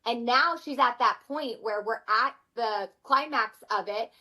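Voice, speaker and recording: A woman in her thirties, a mother of four, speaking as a podcast guest in an earnest, animated way. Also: a little high, a little slow, poor audio. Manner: earnest, animated, acts out her kids' voices. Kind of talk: conversational interview.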